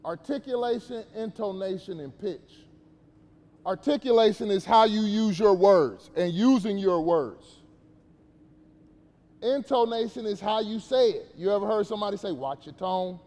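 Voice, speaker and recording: A man's voice: high-pitched, moderate pace, a little mellow, long reverb tail. A man giving a casual, slangy motivational talk to young players at a basketball camp, questioning the kids as he goes.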